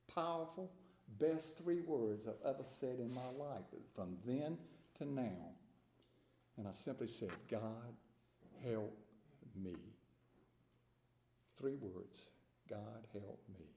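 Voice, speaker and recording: With a mellow, mid-range voice, an older man tells his personal story at a recovery meeting, earnest and emphatic, repeating words along the way. He's in front of an audience in a large room, and the hall's echo and faint noise come through.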